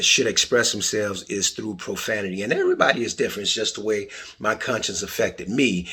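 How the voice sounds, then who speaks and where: Playful husky-voiced man hosting a podcast. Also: lowish voice. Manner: playful, animated, jokey asides. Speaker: podcast host. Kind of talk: casual podcast intro monologue.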